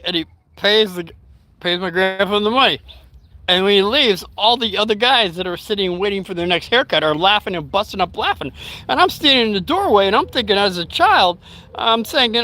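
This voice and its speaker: A man's voice: high voice, lively intonation, brisk, pushed and bright. An older man telling a rambling story to his live chat, stopping to talk to his dog. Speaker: vlogger. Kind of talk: casual storytelling livestream.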